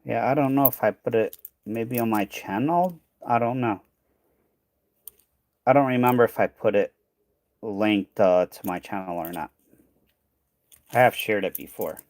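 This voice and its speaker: Slow, low-voiced man chatting over coins. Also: dry recording. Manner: relaxed, thinking aloud, trailing off. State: tired, losing his voice. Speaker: coin hunting channel host. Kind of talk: casual livestream chat while sorting coins.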